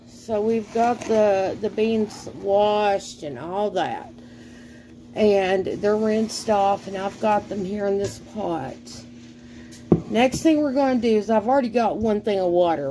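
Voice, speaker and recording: A middle-aged woman with a Southern accent talks slowly and unhurriedly, full of folksy asides and soft sighs. She rambles in casual cooking chat. A faint hum of background noise sits under her voice. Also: mid-range voice. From American South. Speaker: cooking vlogger.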